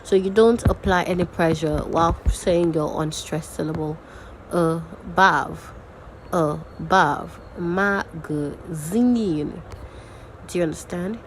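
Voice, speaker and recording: A woman's voice: on the low side, normal speed, few pauses, a little mellow, slight background noise, rough recording. A young woman teaching a recorded diction lesson, patiently repeating example words aloud. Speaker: diction and grammar tutor.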